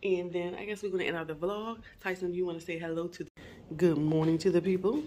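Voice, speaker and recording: A woman's voice: on the low side, steady tone, fast talker, a little mellow, slight background noise. Easygoing chatty mom vlogger, woman. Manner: easygoing, talks straight to viewers with y'all and um. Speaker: vlogger, mother of two. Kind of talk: casual chatty vlog. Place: at home.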